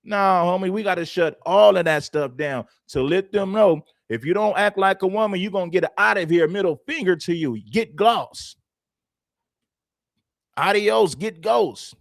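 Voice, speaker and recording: A man's voice: sits high, normal speed, gravelly, no room sound, clean studio sound. A man hosting a livestream, giving blunt, preachy opinions and repeating phrases for emphasis. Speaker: livestream host.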